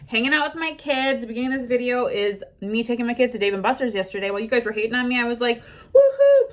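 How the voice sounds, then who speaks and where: A woman's voice: on the high side, fairly bright tone. A young adult woman ranting defiantly to her phone from inside a car, swearing constantly. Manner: heated, profane, defiant ranting. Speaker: content creator. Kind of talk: ranting to camera.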